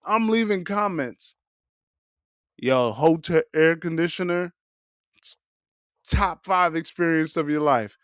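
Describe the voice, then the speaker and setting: A man's voice: fairly high pitch, no echo, clean studio sound. A man hosting a podcast, riffing in loose, profane, joking casual chat. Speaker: podcast host.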